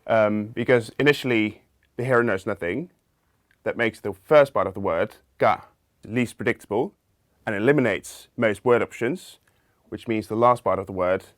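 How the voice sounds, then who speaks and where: A man with a fairly low voice walks through a linguistics lesson in a measured, explanatory way, pausing here and there with small fillers. The sound is dry and close, with no room around it. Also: no echo. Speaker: linguistics lecturer. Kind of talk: explanatory video lecture.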